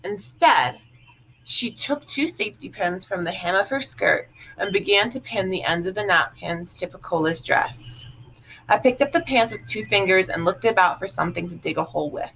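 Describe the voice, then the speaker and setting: A woman reading a literary novel aloud in a measured, even way. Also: medium pitch, slight background noise, poor audio. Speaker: audiobook reader.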